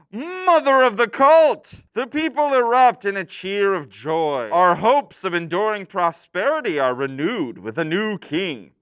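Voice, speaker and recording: A man's voice: high voice, a bit bright, clear, resonant tone, dry recording, studio quality. A man reading a game card aloud in a theatrical way. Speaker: player reading game cards.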